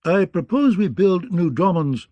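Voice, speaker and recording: A man's voice: sits high, expressive, a little slow, dark tone, no room sound, highs cut off, voice pushed up. A man voicing an eager young admiral.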